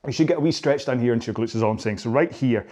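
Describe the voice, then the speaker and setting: A middle-aged man talks viewers through stretches after a rowing session. He keeps it loose and chatty, pokes fun at himself and drifts into rambling asides. His voice sits at an ordinary middle pitch for a man. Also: racing, darkish tone. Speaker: rowing coach. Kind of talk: follow-along workout instruction.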